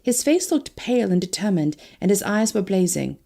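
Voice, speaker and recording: A woman narrating an audiobook in an expressive storytelling manner. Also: medium pitch, moderate pace, creaky.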